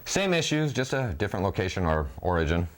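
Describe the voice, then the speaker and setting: Very low-voiced man co-host. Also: big pitch swings, quick pace. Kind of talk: scripted show banter.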